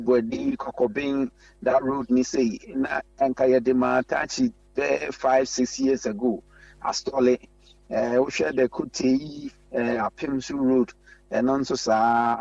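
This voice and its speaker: Gravelly man on a muffled phone line. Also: medium pitch, darkish tone, dry recording, far from the mic. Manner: halting, many filler sounds, lists places at length. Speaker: politician guest on a radio call-in. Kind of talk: phone interview.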